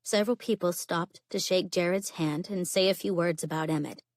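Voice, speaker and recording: A woman's voice: lowish voice, moderate pace, dry recording, studio quality. A woman narrating a contemporary romance audiobook, reading steadily and drawling the characters' lines. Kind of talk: scripted narration.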